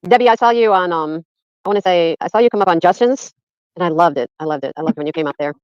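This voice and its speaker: A woman's voice: on the low side, fast, darkish tone, smooth, dry recording. A woman in her sixties, a chatty grandmother on a livestream panel who talks with lots of laughter. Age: 60s. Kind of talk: casual chat. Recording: dull lo-fi audio.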